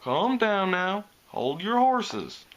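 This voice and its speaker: A man doing a slow-drawling big country stallion. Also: high-pitched, very animated, pitched above the performer's own voice, heavily acted. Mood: easygoing. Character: big easygoing country stallion, calm and sly.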